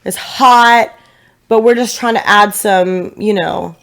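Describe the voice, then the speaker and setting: A woman's voice: mid-range voice, slow pace, creaky, a bit bright. A woman in her twenties from Tennessee, co-hosting a casual podcast and talking in a chatty, playful way with frequent laughs. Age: 20s. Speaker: podcast co-host. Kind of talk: casual chat.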